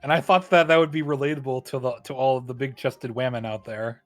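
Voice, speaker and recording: An excitable streamer chatting casually on a game stream, often pleading and groaning loudly. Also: mid-range voice, fairly quick, no echo. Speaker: streaming guest.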